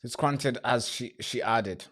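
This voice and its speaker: Male live-stream host, mid-pitched, blunt and profane, off-the-cuff commentary full of repeats and restarts. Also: slow, a bit bright. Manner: blunt, swears freely, talks straight to viewers; repeats himself and restarts phrases.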